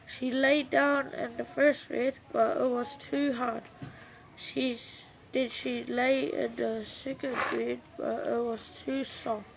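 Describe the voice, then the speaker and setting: A woman reading a storybook aloud slowly and carefully, with small restarts. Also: a little high, level tone, gravelly, noisy background.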